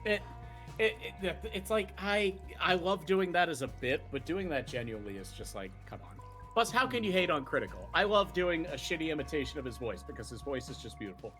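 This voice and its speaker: A man's voice: fairly high pitch, very animated, brisk, sharp tone, soft background music. A young man hosting a live stream, chatting casually and animatedly, swearing and laughing often. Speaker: streamer host.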